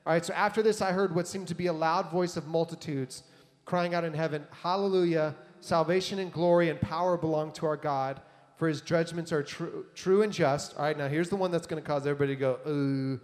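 Animated male preacher in an echoing hall. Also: fairly high pitch, fairly quick. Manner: conversational, animated preaching with asides. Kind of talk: sermon. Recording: long hall reverb.

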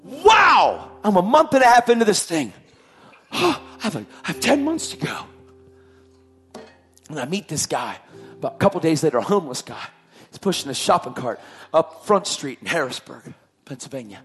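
A man giving an emotional personal testimony, a dramatic storyteller who drops to hushed tones and then rises to shouting. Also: a little high, sing-song, moderate pace, long pauses, soft background music. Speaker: testimony speaker.

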